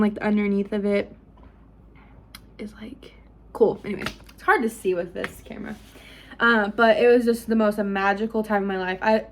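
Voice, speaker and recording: A young woman vlogging at home, gushing and chatty as she tells a story to camera. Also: mid-range voice.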